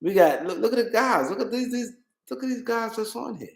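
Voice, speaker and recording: A man's voice: high voice, expressive, a little fast, creaky, echoey room, rough recording. A tired man hosting a casual livestream, rambling and repeating himself as he talks to his chat. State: tired, yawning. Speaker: livestream host.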